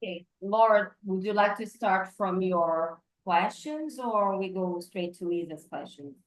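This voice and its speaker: A woman's voice: mid-range voice, animated, measured pace, roomy sound, rough recording. A woman English teacher leading an online class, patiently explaining grammar and switching between English and Portuguese.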